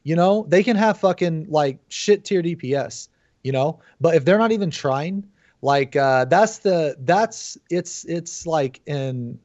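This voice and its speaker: A man's voice: on the high side, expressive, measured pace, a little mellow, dry recording. Blunt, profane man ranting in a lo-fi recording. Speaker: guest. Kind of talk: casual podcast chat. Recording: dull lo-fi dry sound.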